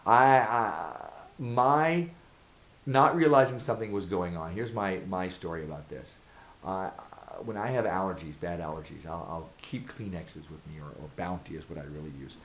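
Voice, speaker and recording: A man's voice: low voice, normal speed, slight background noise, rough recording. A man vlogging advice straight to camera, earnest and emphatic, driving his points home with repeated rhetorical questions. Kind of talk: direct-to-camera advice monologue.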